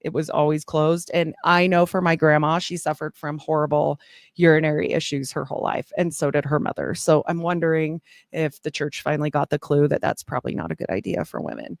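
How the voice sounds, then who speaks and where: A woman's voice: low voice, flat delivery, a little fast, gravelly, no echo, clean studio sound. A middle-aged woman giving a candid personal testimony in a chatty storytelling way, full of fillers. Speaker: guest sharing testimony.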